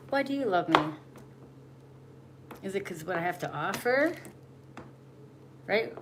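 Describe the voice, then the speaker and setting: A woman's voice: mid-range voice, expressive, unhurried, pauses often. Blunt, preachy woman in noisy audio. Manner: blunt, preachy, swears freely. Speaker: spiritual message reader. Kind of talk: casual livestream talk. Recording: noisy home recording.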